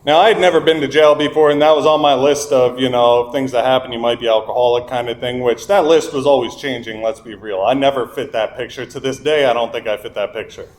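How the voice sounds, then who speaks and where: A man's voice: mid-range voice, steady tone, fast, hardly any pauses. A young man telling a frank, self-mocking story of his drinking to a recovery meeting, acting out what people said. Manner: candid and self-mocking, quotes people in dialogue. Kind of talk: personal recovery story told to a group. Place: meeting room. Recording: echoey meeting room.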